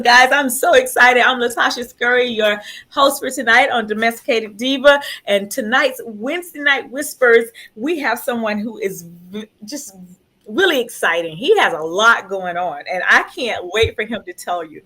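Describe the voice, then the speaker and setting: Woman hosting a talk show, kinda high voice, lively and teasing, repeats stuff for emphasis. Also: moderate pace, rough recording. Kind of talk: online talk show interview.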